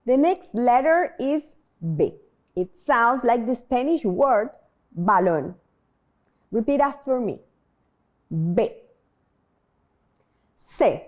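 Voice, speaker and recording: A woman teaching a beginner language lesson, slowly modeling sounds and asking learners to repeat after her. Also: on the high side, lively intonation, darkish tone. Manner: slow, clear modeling of pronunciation, prompting repetition.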